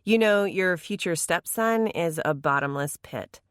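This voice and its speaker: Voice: medium pitch, expressive, a little slow, fairly bright tone, clear, resonant tone, no echo, clean studio sound. A narrator voicing a sweetly teasing teenage girl in an audiobook. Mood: sassy.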